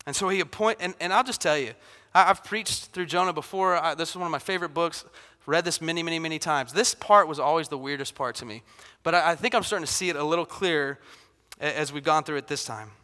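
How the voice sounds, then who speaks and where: A pastor preaches a sermon conversationally, often acting out quotes with mounting intensity. His fairly high voice is fast, pushed and bright. The recording has the echo of a reverberant hall.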